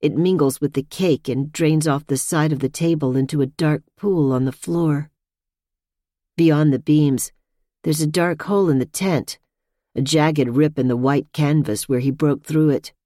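A woman reading a suspense novel aloud in a tense, measured narration. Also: sits low, fairly even intonation, dark tone, dry recording, clean studio sound. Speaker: audiobook narrator. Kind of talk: scripted narration.

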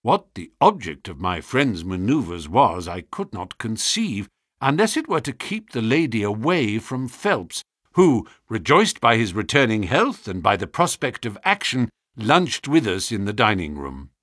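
A man giving scripted narration of a story in a measured storytelling manner. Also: fairly low pitch, big pitch swings, a bit bright, dry recording, studio quality. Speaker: audiobook narrator.

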